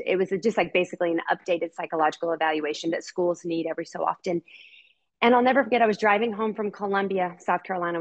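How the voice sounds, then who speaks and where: Middle-aged woman, husky voice, earnest guest recounting her story. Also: fairly low pitch. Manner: earnest, heartfelt, repeats words for emphasis. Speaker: podcast guest, mother. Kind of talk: candid personal storytelling.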